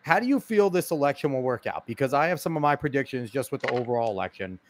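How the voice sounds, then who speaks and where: A man's voice: mid-range voice, expressive, fast talker, a little hiss or hum. A man co-hosting a podcast, chatting casually and playfully teasing his guest. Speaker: podcast co-host. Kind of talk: casual interview chat.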